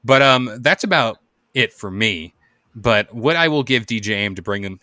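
A man hosts a podcast, talking loosely and jokingly. His voice is bright and forward, recorded dry and close with no room sound. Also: mid-range voice, lively intonation, moderate pace, dry recording. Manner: laid-back, rambling, jokey. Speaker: podcast host. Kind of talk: casual chat.

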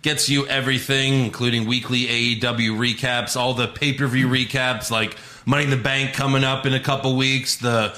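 Male podcast host, bright and forceful, in a roomy space, jokey casual recapper. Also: medium pitch, little pitch movement. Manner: recaps plots quickly with jokey asides.

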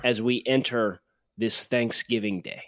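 A man's voice: mid-range voice, fairly even intonation, measured pace, a bit bright, no room sound, studio quality. A man co-hosting a podcast with casual, opinionated sports talk that builds into rants. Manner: opinionated, ranting. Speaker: podcast co-host.

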